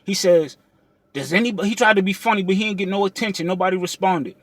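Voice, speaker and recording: Heated high-voiced man ranting on camera. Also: quick pace, a bit bright, no room sound. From United States. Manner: heated and confrontational, many restarts and repeated "you understand what I'm saying". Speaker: trucking vlogger. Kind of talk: unscripted vlog rant.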